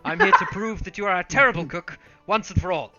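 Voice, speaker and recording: A man's voice: a little high, moderate pace, close to an everyday voice. Man playing an earnest polite baker. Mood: indignant. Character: earnest male baker, eager rival of the chef. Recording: dull lo-fi sound. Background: faint music.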